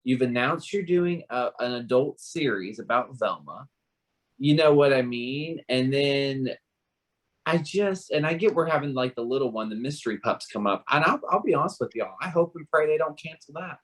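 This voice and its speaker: A man's voice: medium pitch, expressive, moderate pace. Passionate young man ranting. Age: 20s. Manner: passionate, emphatic, repetitive restarts. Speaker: panel co-host. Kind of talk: casual panel discussion.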